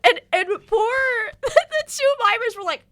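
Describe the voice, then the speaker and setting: A woman's voice: extremely high pitch, animated, measured pace, a bit bright. A young woman co-hosting a casual podcast, giggling often as she eagerly retells comedy scenes. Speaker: co-host.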